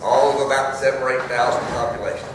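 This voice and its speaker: A man's voice: medium pitch, little pitch movement, background noise. Older man telling a rambling story. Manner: rambling, fills pauses with um and uh. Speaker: actor on a Q&A panel. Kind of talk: casual storytelling. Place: festival hall with a live audience. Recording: echoey hall, mic heard from a distance.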